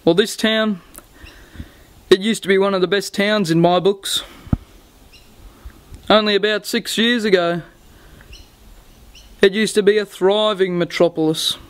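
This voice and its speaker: A man's voice: high-pitched, fairly even intonation, a little slow, pauses often. An older man with an Australian accent playing a friendly, easygoing grandfather in a tiny outback town in a short film, chatty and jokey. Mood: reflective.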